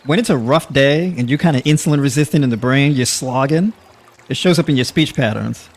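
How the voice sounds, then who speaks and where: A man of middle pitch hosts a loose, chatty livestream. He talks straight to his audience, slips in easy laughs and lots of filler words as he rambles on. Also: fairly quick. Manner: addresses audience with y'all. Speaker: livestream host. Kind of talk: casual livestream talk to the chat.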